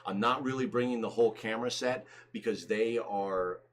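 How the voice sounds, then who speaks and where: A man co-hosting a livestream in casual chat, excitable and chatty, with lots of fillers. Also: on the low side, normal speed. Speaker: livestream co-host.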